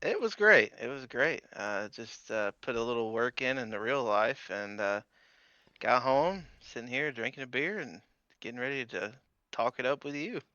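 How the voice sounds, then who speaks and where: A man's voice: medium pitch, moderate pace, sharp tone, clear, resonant tone, no room sound, highs cut off. A man chatting as a podcast guest, laid-back and easygoing. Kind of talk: casual chat.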